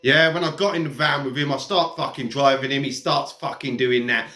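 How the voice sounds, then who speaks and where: A man's voice: medium pitch, steady tone, quick pace, hardly any pauses, pushed and bright. A man delivering a heated, profane, mocking rant straight to camera. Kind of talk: ranting monologue. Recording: echoey room.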